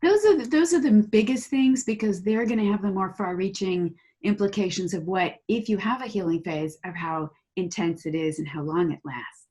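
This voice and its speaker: A woman of ordinary pitch talks as a guest in an interview. She explains in an animated way and slips into quick acted-out inner voices. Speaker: guest, holistic practitioner.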